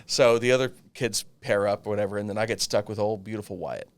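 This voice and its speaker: A man in his thirties telling a long personal story in casual chat, animated and swearing freely. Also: on the low side, fairly quick. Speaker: podcast co-host.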